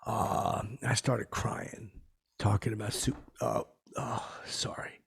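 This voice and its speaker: A rough, gravelly, very raspy voice carries this washed-up middle-aged comic, as a man puts him on in a podcast monologue. He rambles in loose, tactless asides. His boasting keeps tipping over into sentiment. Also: fairly low pitch, sing-song, slow, in a whisper, exaggerated voice. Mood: rambling. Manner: rambling, rough-spoken, tactless, lurching between bravado and sentiment. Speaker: podcast host.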